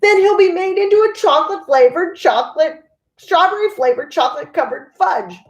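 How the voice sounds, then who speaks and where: A woman's voice: sits high, expressive, measured pace, roomy sound, pitched above the performer's own voice. Woman doing a shrieking furious mother. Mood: shrill. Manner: shrieking, indignant. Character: shrill furious mother, middle-aged woman.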